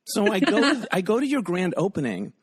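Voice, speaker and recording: A man's voice: high-pitched, wildly swooping pitch, moderate pace, husky, no echo, studio quality. A man hosting a podcast in a casual, rambling chat, often laughing as he talks. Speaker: podcast host.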